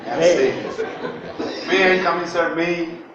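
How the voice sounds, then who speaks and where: Echoey Bangladeshi teacher drilling pronunciation. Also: male voice, on the high side, animated, slow, over a noisy crowd, heavy background noise. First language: Bengali. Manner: drills words for students to repeat, jokes and chuckles. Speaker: English teacher. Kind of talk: classroom pronunciation lecture. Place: large classroom. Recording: very echoey, distant, muffled room recording.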